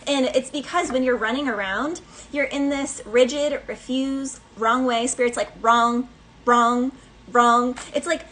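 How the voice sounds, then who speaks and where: A woman's voice: sits high, normal speed, rough recording. A woman giving a casual tarot reading in a chatty, playful way, laughing between thoughts. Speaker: tarot reader.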